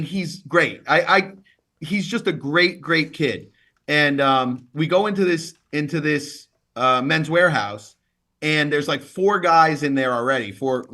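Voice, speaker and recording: A man, a lawyer, telling stories in a relaxed interview, chatty and full of repeated words. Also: on the high side. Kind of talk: casual interview storytelling.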